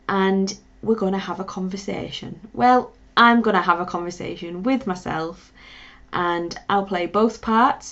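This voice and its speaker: Woman language teacher, encouraging drill style, some vocal fry, muffled lo-fi audio. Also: mid-range voice. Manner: encouraging, spells words out, repeat-after-me drills. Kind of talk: beginner language lesson. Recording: dull lo-fi sound.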